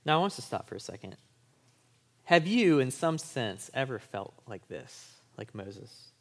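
A man's voice: medium pitch, sing-song, normal speed. Casual, conversational male pastor. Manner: casual and conversational, asks the listeners "right?"; speaks to college students in everyday language. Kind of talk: sermon.

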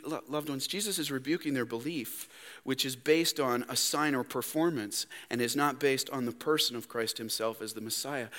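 A young man, a pastor preaching a sermon in a church, talking emphatically and swinging between loud stresses and hushed asides. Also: mid-range voice, in a large hall. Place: church sanctuary.

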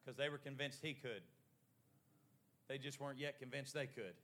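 A man preaching a sermon in short rhythmic phrases that build to shouting. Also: mid-range voice, moderate pace.

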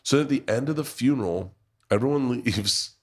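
A man's voice: mid-range voice, moderate pace, a little mellow. A man hosting a podcast in a pub, telling rambling, profane family stories in casual chat. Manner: rambling storyteller, swears freely. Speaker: podcast host.

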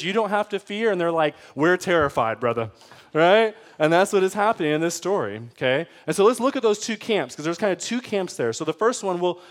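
A man preaching a sermon in a conversational way, often checking in with his listeners and acting out pleading voices. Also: high-pitched. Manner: acts out pleading voices with rising intensity. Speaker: pastor.

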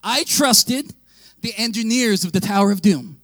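A male pastor giving an animated storytelling sermon, often raising his voice and laughing. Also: sits high, moderate pace, dry recording.

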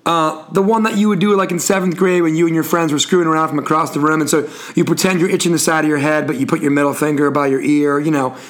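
A man's voice: a little high, steady tone, fast talker, hardly any pauses, fairly bright tone. A man hosting a sports talk show, telling the story in a wry, playful way and tossing to his co-host. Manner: storytelling, wry, full of wrestling references. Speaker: podcast host. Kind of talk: casual sports chat.

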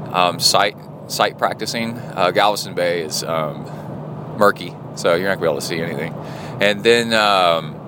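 Man, podcast host, fairly low voice, chatty and rambling, faint traffic behind. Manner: rambling, chatty, many fillers. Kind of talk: casual spoken diary.

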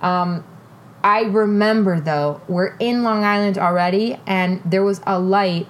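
This young woman, a podcast host, has a medium-pitched, unhurried voice as she shares a dating story in casual chat. She's frank and profane, bringing it to life by quoting people in their voices.

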